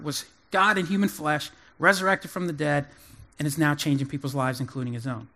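A high-pitched male pastor preaches with animated emphasis, breaking up scripture with folksy asides. His voice pushes up in pitch and volume when he drives a point home. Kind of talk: sermon.

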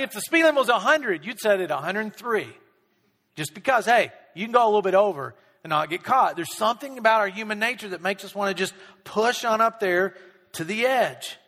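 Male pastor, bright forceful tone, conversational sermon with quick character asides, long hall reverb. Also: high voice. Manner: conversational, acts out people's voices in quick asides.

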